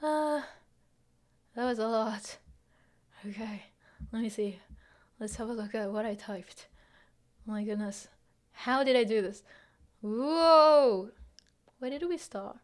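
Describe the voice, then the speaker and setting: A woman hosts a relaxed livestream lesson, slipping words into her English. Her voice sits a little high. She often drops to quiet asides while she scrolls the chat. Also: slow, pauses often. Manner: chatty, mixes English with Japanese phrases, murmurs to herself. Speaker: Japanese teacher on a livestream. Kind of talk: casual live-stream lesson, reading chat.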